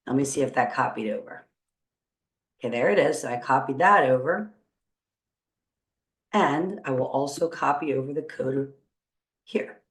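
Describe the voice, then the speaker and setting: A woman's voice: extremely low pitch, expressive, moderate pace, pauses often. A woman teacher walking students through a coding tutorial on screen, upbeat and encouraging as she thinks aloud. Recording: roomy echo.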